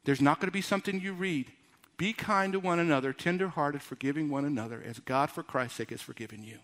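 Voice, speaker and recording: A man preaching a lively sermon, with announcer-style bursts and quiet asides. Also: on the high side, fast talker. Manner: drops to quiet, intimate tones. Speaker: pastor.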